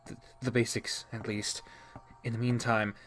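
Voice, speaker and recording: A man's voice: medium pitch, level tone, normal speed, fairly bright tone. A man voicing a frantic young woman in a game who talks urgently and is out of breath. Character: young woman, frantic but forcing calm.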